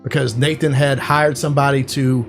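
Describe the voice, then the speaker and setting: A man co-hosting a casual podcast, rambling through an animated retelling with lots of fillers. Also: mid-range voice, normal speed, faint music behind. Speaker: podcast co-host. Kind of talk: casual chat.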